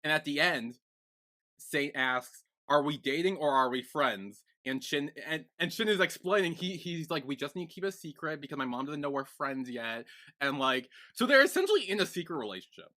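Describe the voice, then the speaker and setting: A man co-hosting a podcast, recapping a TV series in casual chat, rambling and excitable with lots of fillers. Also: a little high, normal speed. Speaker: podcast co-host.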